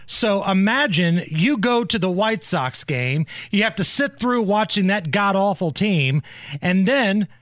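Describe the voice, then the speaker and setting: A man's voice: sits high, expressive, a little slow, fairly bright tone, no echo. A male radio show host in a studio, bantering casually and teasing his co-host with wisecracks.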